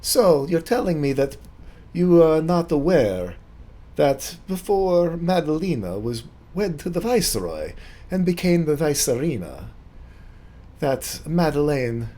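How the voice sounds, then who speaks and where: A man's voice: medium pitch, animated, unhurried, mellow, pitched above the performer's own voice. A man voicing a haughty, elegant French noblewoman with a put-on French accent. He plays her arch and probing.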